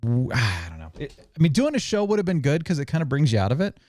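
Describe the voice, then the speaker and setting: A man hosting a casual podcast chat, hoarse from screaming, jokey and self-mocking. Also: a little high, wildly swooping pitch, fast talker, darkish tone, no echo. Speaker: show host.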